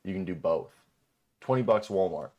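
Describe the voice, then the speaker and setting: A young man with a lowish voice chats loosely on a home stream. He swears freely, jumps in over his co-host and keeps things casual. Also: lively intonation, normal speed, darkish tone, dull audio. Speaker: podcast host. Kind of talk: casual chat. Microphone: desk microphone.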